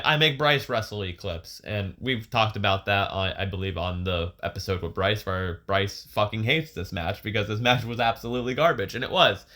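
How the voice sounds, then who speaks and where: A young man co-hosting a podcast, telling a story in casual, profane, animated chat with frequent laughs. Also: fairly low pitch. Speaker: podcast co-host. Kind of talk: casual chat, retelling a match.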